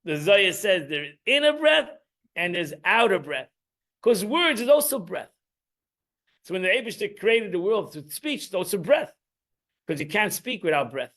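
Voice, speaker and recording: A man's voice: high voice, animated, normal speed, a bit bright. A man, teaching an informal Torah class in a rambling, emphatic way, restarting and repeating himself.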